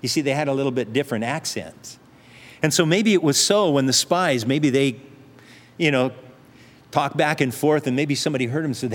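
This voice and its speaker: A man's voice: mid-range voice, a little fast. Earnest male preacher in an echoing hall. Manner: earnest, conversational preaching with frequent restarts. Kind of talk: sermon. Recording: long reverb hall.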